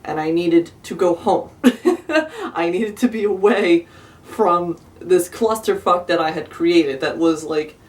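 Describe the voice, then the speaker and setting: A woman's voice: on the low side, animated, slow. A young woman from South Jersey telling a storytime in an exasperated, profane, sarcastic rant. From South Jersey, USA. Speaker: vlogger. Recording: voice a bit far from the mic.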